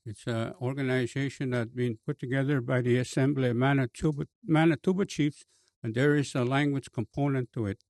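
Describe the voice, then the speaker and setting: Bishop with a cree accent telling his story, slow and halting, gravelly voice, dry close sound. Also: mid-range voice, fairly even intonation, a little mellow, no room sound. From Canada. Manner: slow, halting, many fillers and restarts. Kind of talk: personal storytelling.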